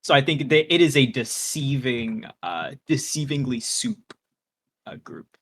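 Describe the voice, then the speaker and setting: A man's voice: mid-range voice, a little slow, fairly bright tone, husky. A man on a casual esports panel, talking through standings in a chatty, analytical way with some teasing.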